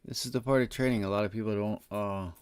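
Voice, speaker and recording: A man's voice: lowish voice, fairly even intonation, quick pace, smooth, dry recording. Frustrated man muttering over trading charts. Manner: frustrated, swings between muttering and loud outbursts, swears. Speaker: day trading livestream host. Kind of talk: live trading commentary.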